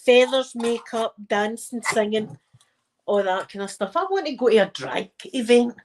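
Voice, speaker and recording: A woman's voice: fairly high pitch, animated, moderate pace. A woman with a Scottish accent chatting casually with her viewers from her living room, telling stories and laughing often. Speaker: live chat host.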